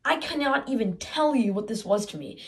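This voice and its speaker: A woman's voice: on the high side, expressive, a little fast, close to an everyday voice. Phaeton, a teen girl playing a brash boastful boy. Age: teens. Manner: chatty, storytelling, sarcastic asides. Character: boastful teenage boy, son of the sun, eager and aggrieved. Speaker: student theater performer. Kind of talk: theatrical stage monologue.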